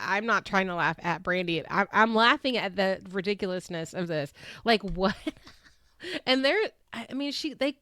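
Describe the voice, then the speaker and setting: A woman's voice: medium pitch, moderate pace, dry recording. A woman hosting a podcast recap, chatting casually, laughing often and acting out quotes. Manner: animated, laughs often, acts out quotes in shifted voices. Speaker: podcast host recapping a reality show. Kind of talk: casual chat.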